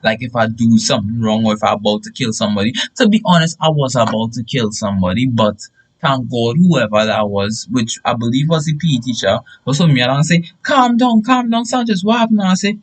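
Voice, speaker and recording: A young man telling a story in a casual, animated way with bursts of shouting. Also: mid-range voice, a little fast, rough recording.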